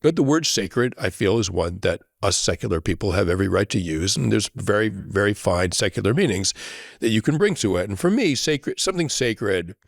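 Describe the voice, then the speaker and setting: A man as a podcast guest, telling a reflective story in an earnest way, often checking in with a quick "right?". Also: fairly low pitch, animated, vocal fry, no room sound, studio quality.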